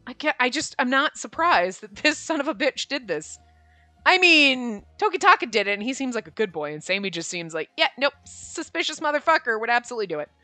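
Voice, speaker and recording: A woman's voice: on the high side, a little fast, dry recording, soft background music. A young woman streamer playing a visual novel, ranting and laughing with lots of swearing. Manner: animated, profane, laughing rants. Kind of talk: let's play commentary, reading aloud.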